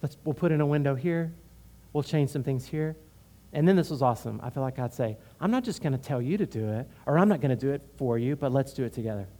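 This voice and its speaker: A man's voice: mid-range voice, expressive, quick pace, warm tone. A man from Houston, a pastor, preaching a conversational sermon full of personal stories and frequent "right?". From Houston, Texas.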